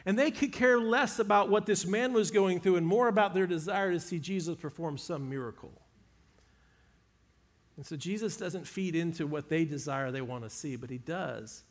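A man preaching a sermon, retelling scripture with animated, emphatic storytelling. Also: a little high, normal speed.

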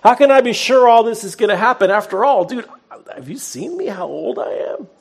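A man's voice: high-pitched, lively intonation, fairly quick, creaky, slightly rough, pitched above the performer's own voice, heavily acted. A man voicing a flustered, doubting old priest who questions an angel in incredulous, slangy speech, with a voice pushed well above his own.

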